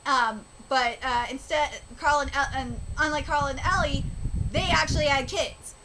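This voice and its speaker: Woman streamer, very high voice, halting rambly commentary, noisy background hum. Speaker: streamer reacting to a manga. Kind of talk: live reaction reading aloud. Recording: steady background noise.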